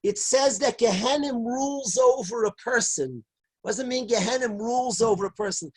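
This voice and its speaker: A man giving an earnest, emphatic Torah lecture as a rabbi, repeating key phrases and at times raising his voice to a shout. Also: extremely high pitch, slightly rough, poor audio. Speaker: rabbi teaching a class.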